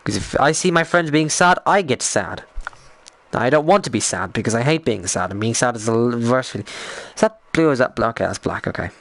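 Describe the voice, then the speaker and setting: A man's voice: mid-range voice, lively intonation, a little fast, dry recording. A young Irish man chatting casually on a live stream, rambling, swearing freely and getting worked up as he talks.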